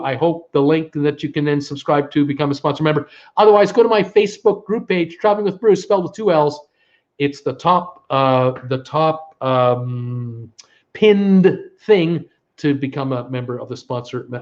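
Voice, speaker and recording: A man's voice: on the high side, muffled recording. A man hosting a live stream, rambling casually through his thank-yous and goodbyes, his voice tiring. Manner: chatty, rambling, full of uh fillers and thank-yous.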